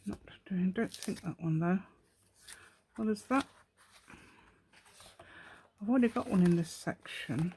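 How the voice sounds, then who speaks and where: A woman's voice: lowish voice, measured pace, long pauses, a little mellow, slight background noise. A woman hosting a casual craft tutorial. She thinks aloud and rambles chattily, talking to herself as she works. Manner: chatty, rambling, talks to herself while working. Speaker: craft channel host.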